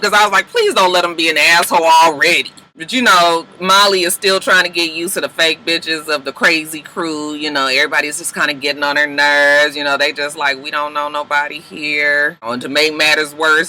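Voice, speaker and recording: A man giving a casual, profane TV episode recap, acting out the characters' lines in quick asides. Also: a little high, pushed and bright, slight background noise. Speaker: TV recap reviewer.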